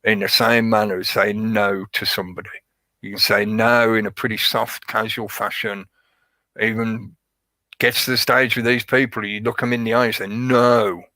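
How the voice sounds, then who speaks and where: A man talks at length in a casual, repetitive monologue and leans hard on his points. His voice sits a little low, with a bright, forceful edge. The recording is close and dry, with no room sound. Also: little pitch movement, normal speed, no room sound, low-quality recording. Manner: rambling, repetitive, emphatic. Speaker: podcast host.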